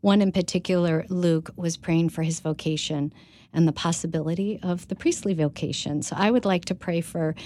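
A woman on a radio prayer show shares her prayer intentions in a sincere, earnest way. Her voice sits low and sounds warm and mellow. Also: moderate pace. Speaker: radio co-host.

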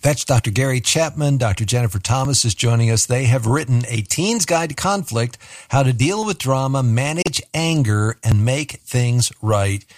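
A man hosting a radio interview, introducing guests and asking questions in a calm, measured way. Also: mid-range voice, no room sound, clean studio sound. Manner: calm, measured, guiding the talk. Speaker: radio show host.

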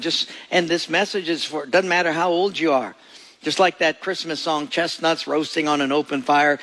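A man's voice: on the high side, a bit bright. A man preaching a sermon as pastor, telling stories and acting out little scenes. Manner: storytelling preacher who acts out voices and jokes.

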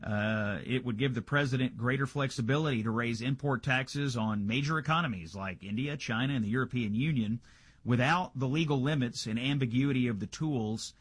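Husky-voiced male radio host, dry studio. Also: medium pitch, moderate pace, dry recording. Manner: conversational, checking the Senate floor live with filler uhs. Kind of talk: political news rundown.

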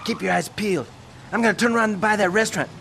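A man's voice: sits high, quick pace, creaky, background noise. An actor playing a hot-headed young male gang driver who barks orders impatiently. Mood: commanding.

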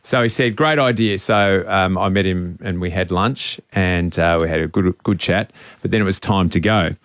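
A man hosting a radio show, telling a sentimental personal story in a rambling, halting way. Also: sits low, dry recording, clean studio sound. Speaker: radio host. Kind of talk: casual storytelling on air.

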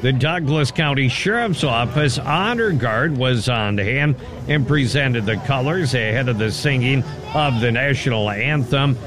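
A man anchoring a local radio newscast in a studio, reading stories in a steady, even way. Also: medium pitch. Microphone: close studio mic.

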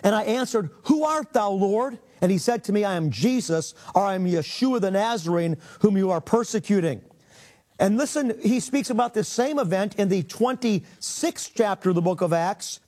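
A man's voice: high voice, lively intonation, normal speed, a little mellow. A man teaching a sermon, reading scripture aloud and explaining it with earnest emphasis. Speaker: rabbi and Bible teacher.

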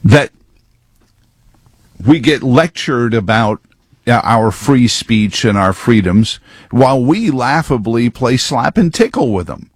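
A man's voice: mid-range voice, very animated, slow, husky, dry recording. A man giving rambling, sarcastic political commentary full of wordplay.

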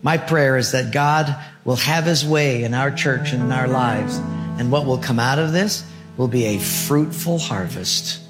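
A male pastor preaching a sermon, telling a story in a lively way. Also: medium pitch, a little slow. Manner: lively, acts out dialogue. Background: guitar music.

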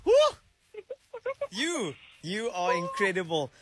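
A man's voice: sits high, big pitch swings, takes it slowly, very noisy. A man hosting a radio call-in, teasing and gushing over his caller. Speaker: radio host.

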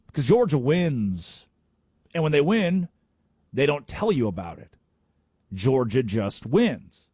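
A man's voice: mid-range voice, big pitch swings, takes it slowly, long pauses, mellow, breathy edge, no echo, clean studio sound. A man hosting a sports talk radio show, arguing his points emphatically with rhetorical questions. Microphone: studio microphone.

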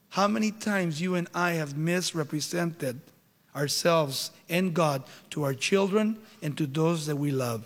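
A man's voice: on the high side, a little slow. A male pastor preaching a sermon, emphatic, with rhetorical questions and dramatic retelling, in a church hall.

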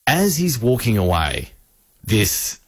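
Lower-voiced radio host, dry studio sound. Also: male voice, slow, breathy edge, dry recording. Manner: animated storyteller, argues his point firmly. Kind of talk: casual radio banter, anecdote telling. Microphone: studio microphone.

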